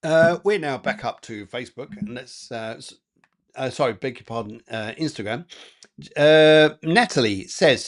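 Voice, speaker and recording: A man's voice: medium pitch, measured pace. A man working as a psychic medium, giving rambling, chatty live card readings with lots of fillers and repeated phrases.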